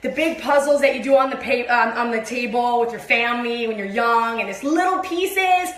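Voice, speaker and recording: A woman co-hosting a livestreamed spiritual sermon, speaking in an animated, emphatic way and swearing freely. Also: a little high, moderate pace, reverberant.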